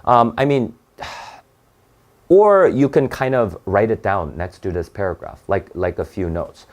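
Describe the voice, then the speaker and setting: A man's voice: lowish voice, animated, slow pace, a little mellow. A man teaching an online reading lesson for test prep, thinking aloud and checking in with "right?" often.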